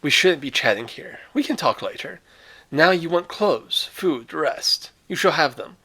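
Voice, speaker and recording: A man reading a short story aloud, voicing a courtly, menacing aristocratic old general with a polished, deliberate manner and a slightly raised voice. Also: a little high, lively intonation, sharp tone, husky, voice pushed up, heavily acted. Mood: smooth. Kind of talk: read-aloud character voice.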